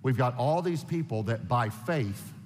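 A man preaching a sermon, emphatic and animated, firing off rhetorical questions. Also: mid-range voice, a little slow. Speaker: pastor. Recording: long hall reverb.

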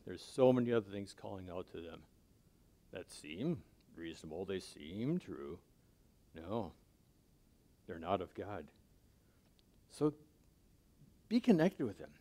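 Male pastor, mid-pitched, chatty sermon delivery, goes quiet and low to drive points home. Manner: conversational preaching, checks in with "right?" and "okay?"; drops to a soft low voice on key points.

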